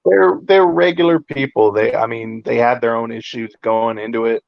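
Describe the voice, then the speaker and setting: A man co-hosting a podcast in casual chat, relaxed and agreeable. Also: medium pitch, vocal fry, highs cut off. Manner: relaxed, drawn-out, agreeable with frequent "yeah". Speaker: podcast co-host.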